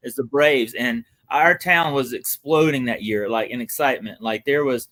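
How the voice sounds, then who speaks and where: A man's voice: medium pitch, normal speed, a bit bright. A man in his forties with a Southern US accent, hosting a casual livestream chat in an upbeat, chatty way. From Georgia, US. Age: 40s. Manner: upbeat, repeats "super pumped", chatty. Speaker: livestream host.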